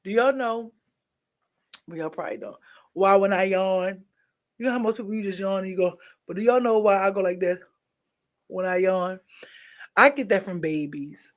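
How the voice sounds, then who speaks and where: On a lo-fi recording, a sleepy woman runs a casual livestream, yawning as she chats directly to her viewers and hops between topics. Her voice is medium-pitched, her pace normal, and she leaves long pauses.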